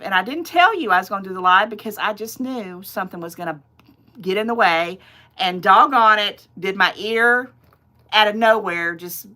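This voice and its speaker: A woman's voice: medium pitch, bright, forceful tone. A middle-aged woman hosting her own channel's livestream, chatting casually and rambling off on tangents. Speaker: channel host.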